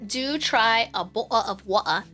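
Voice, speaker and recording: Bright chatty streamer girl, giggly and rambly, swears a lot, faint game music under her. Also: fairly high pitch, a little slow, husky. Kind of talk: casual live-stream chat.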